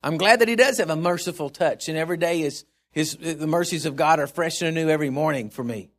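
A man's voice: fairly high pitch, fast, a bit bright. A male preacher giving a sermon in an emphatic, conversational way.

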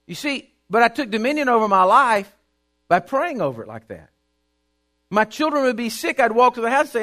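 A middle-aged man, preaching a sermon with emphatic repetition that climbs into shouting. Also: high voice, animated, quick pace.

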